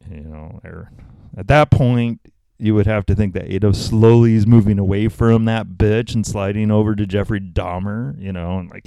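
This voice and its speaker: A man's voice: fairly low pitch, fairly even intonation, normal speed, gravelly, dark tone, dry recording. A man giving profane, sarcastic commentary, mocking a talk he is reacting to. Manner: sarcastic, swears constantly, exasperated.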